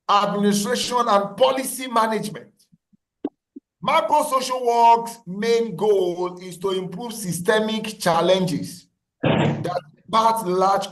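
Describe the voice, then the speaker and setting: A man's voice: high voice, fairly bright tone, reverberant, rough recording. A man lecturing an online class over a video call, repeating key phrases and asking the class questions.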